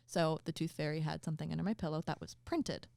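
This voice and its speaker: A young woman co-hosts a podcast in casual chat, her low, gravelly voice moving at a quick pace. She's an animated storyteller who acts out the quotes in her stories.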